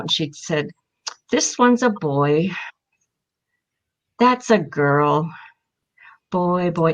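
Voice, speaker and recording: Older woman, low-voiced guest, heartfelt and tearful storytelling, muffled lo-fi sound. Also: fairly bright tone. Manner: emotional, heartfelt, crying at times. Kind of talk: casual storytelling.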